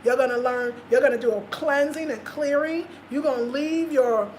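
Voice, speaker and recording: A woman's voice: sits high, normal speed, darkish tone, a little hiss or hum. A woman vlogger talking casually and passionately, repeating her points for emphasis. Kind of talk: casual live-stream talk.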